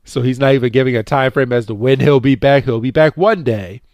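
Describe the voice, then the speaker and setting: A man co-hosting a podcast, casually recapping a cartoon episode and acting out the characters' lines with a jumpier, higher voice, full of fillers and repeats. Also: fairly quick, dry recording. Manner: animated retelling, acting out characters' lines with raised pitch; many fillers and repeated words. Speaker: podcast co-host.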